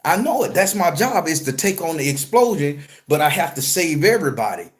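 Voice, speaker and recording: A man with a fairly high voice recounts a dream in a loose, profane monologue. He jokes in streetwise slang, bursts loud and excited, then drops to a quiet, low murmur. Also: a little fast. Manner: crude, joking, streetwise slang. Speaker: spiritual content creator and tarot reader. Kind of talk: casual profane storytelling monologue.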